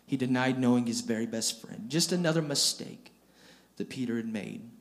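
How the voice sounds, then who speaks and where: A man's voice: medium pitch, normal speed. A man preaching a storytelling sermon, retelling scripture in plain everyday speech and often repeating and restarting his phrases.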